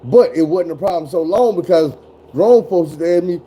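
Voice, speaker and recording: A man's voice: on the high side, expressive, normal speed, mellow, husky, poor audio. A man in his forties telling stories in casual chat, blunt and full of cursing. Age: 40s. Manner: profane, blunt, drawling storyteller.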